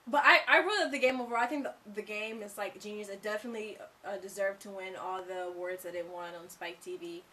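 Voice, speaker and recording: A woman's voice: mid-range voice, fast talker, few pauses, sharp tone, recorded from a distance. A woman co-hosting a casual video game review, gushing and enthusiastic and often repeating herself. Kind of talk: casual chat.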